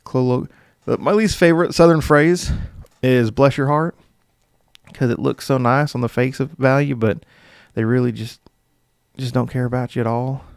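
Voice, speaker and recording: Gravelly man hosting a casual stream. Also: mid-range voice, normal speed, dry recording, studio quality. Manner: relaxed, rambling, with filler words and chuckles. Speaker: dungeon master hosting a live stream. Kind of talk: casual live-stream chat, reading viewer comments.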